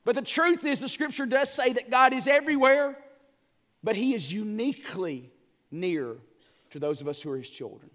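Very high-voiced impassioned male preacher. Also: moderate pace, in a large hall. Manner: impassioned preaching, rising to shouts and dropping to hushed lines. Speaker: pastor. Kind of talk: Easter sermon.

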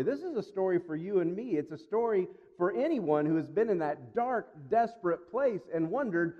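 A man preaching a sermon in an earnest, emphatic way, repeating phrases and slowing down for weight. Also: high-pitched, animated. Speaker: pastor. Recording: dull sound with long reverb.

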